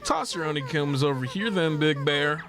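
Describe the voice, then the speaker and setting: A man's voice: a little high, lively intonation, normal speed, over music. A man voicing a sweet, flirty female bee from a video game, in a raised, sugary voice.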